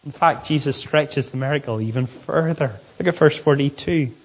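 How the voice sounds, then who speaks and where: Man preaching, slightly raised pitch, emphatic, repeats phrases, slows down for weight. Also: slightly rough, low-quality recording. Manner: emphatic, repeats key phrases, stretches words slowly. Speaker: pastor. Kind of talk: sermon.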